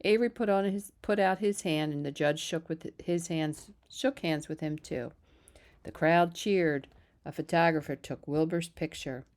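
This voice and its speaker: A woman reads a children's novel aloud at a steady pace, slipping on a word now and then. Her voice is slightly low. She narrates evenly. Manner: steady, even narration with small slips. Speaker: reader. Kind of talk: storybook read-aloud.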